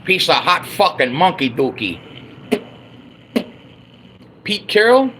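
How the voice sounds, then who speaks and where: A man ranting on a livestream about his football team, profane and heated, swinging between loud outbursts and low grumbling. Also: big pitch swings, slow pace, noisy background. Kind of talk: angry unscripted livestream rant.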